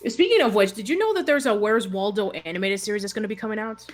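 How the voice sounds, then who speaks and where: A woman's voice: medium pitch, animated, fast talker. A woman co-hosting a casual chat show, talking hesitantly with lots of fillers and restarts. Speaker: show co-host.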